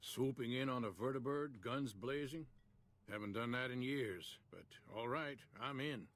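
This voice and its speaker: An actor playing a gruff older male war veteran in a video game, speaking dryly and wryly. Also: medium pitch, a little slow, a bit bright, close to an everyday voice.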